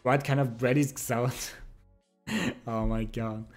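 A young man chatting casually with his stream chat, relaxed and giggly. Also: mid-range voice, slow, faint music behind. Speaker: livestreamer. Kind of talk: casual chat reading and answering viewer chat.

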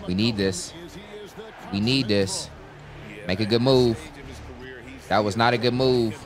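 A young man giving live commentary on his own basketball video game, talking to his teammates and shouting at big plays. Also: on the low side, takes it slowly, a crowd in the background. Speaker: gaming YouTuber.

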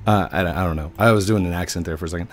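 A man's voice: sits low, rapid-fire. A young man casually commenting on his own gameplay as a video host, rambling and playful, often laughing at himself.

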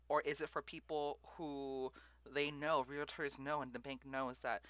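A man's voice: on the high side, moderate pace, bright, forceful tone, no room sound. A man hosting a live stream, thinking aloud with lots of fillers and asking his viewers questions. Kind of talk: casual live stream chat.

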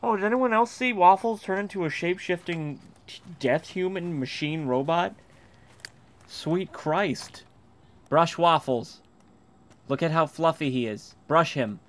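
A man's voice: a little high, measured pace, fairly bright tone. A young man in casual game commentary, goofy and rambling, who keeps slipping into silly voices. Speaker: gaming commentator. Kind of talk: casual let's play commentary.

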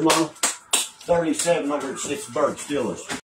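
A man from Cleveland, Ohio with an Ohio accent, chatting loudly and profanely as a guest. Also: medium pitch, moderate pace, very noisy. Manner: loud, profane, excitable. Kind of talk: casual chat.

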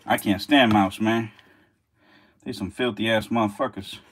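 A man's voice: lowish voice, fairly even intonation, moderate pace, fairly bright tone. A man casually talking to the camera while feeding snakes, cursing, joking and laughing at himself. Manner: profane, joking, laughs at his own jokes; talks to the snakes and mice as he works. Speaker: snake keeper vlogger. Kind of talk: casual vlog talk to camera. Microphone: handheld camera, set down at times.

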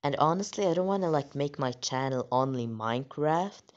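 A woman's voice: a bass voice, expressive, normal speed. A woman hosting her channel, chatting casually and reacting as she reads text stories. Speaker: channel host. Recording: dull lo-fi audio.

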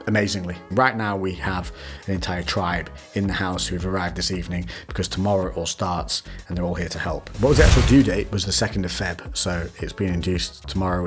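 A young man, a fitness vlogger, answering viewer questions at home in an upbeat, chatty way. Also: deep voice. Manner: upbeat and chatty, laughs easily. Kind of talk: casual Q&A chat. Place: home, indoors.

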